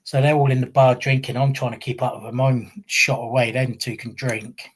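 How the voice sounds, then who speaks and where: A husky-voiced man in his fifties from England tells his stories in a loose, rambling way. He restarts his sentences often and makes fun of himself as he goes, in easy conversation. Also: medium pitch, level tone, normal speed. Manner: rambling, self-deprecating anecdotes with repeated restarts. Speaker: guest, retired pro wrestler. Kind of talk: conversational storytelling.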